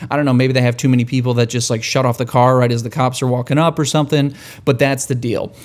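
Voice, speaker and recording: A man hosting a podcast in a casual monologue, rambling and profane with wry, dark humor. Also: medium pitch, level tone, fast. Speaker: podcast host.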